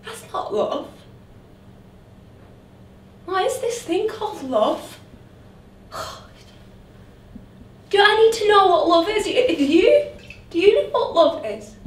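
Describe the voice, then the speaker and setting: A woman's voice: very high-pitched, full character voice. A woman playing a lonely grown woman, a drunk, who keeps repeating herself in a stage monologue. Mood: weary. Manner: halting, repeats her words. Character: lonely grown woman, a drunk, waiting for her late dad. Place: theatre stage. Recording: roomy theatre heard from a distance.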